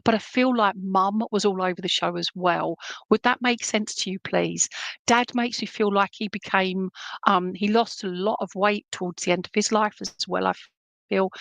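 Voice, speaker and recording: A woman medium gives a chatty, rambling clairvoyant reading and keeps checking in with her listener. Her mid-pitched voice has a gravelly rasp, recorded dry and close. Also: fairly bright tone, dry recording. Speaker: spiritualist medium.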